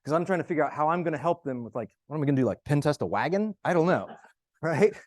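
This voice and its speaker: A man's voice: on the high side, fast, dry recording. Guy presenting at a conference, voice jumps all over, super chatty, keeps tossing out "right?", dry close sound. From United States. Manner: animated, conversational, frequent "right?" and "okay?" asides. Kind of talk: conference talk with storytelling.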